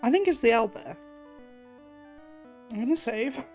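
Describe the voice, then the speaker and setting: A woman streaming a game, reading its narration aloud and then musing over the puzzle in a chatty, playful way. Her voice sits somewhat high. Quiet music runs softly under her talk. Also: animated, measured pace. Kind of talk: reading game text aloud and thinking out loud.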